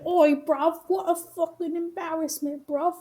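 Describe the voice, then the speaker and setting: A woman voicing a foul-mouthed, furious male chef, yelling insults. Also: extremely high pitch, steady tone, measured pace, pitched above the performer's own voice.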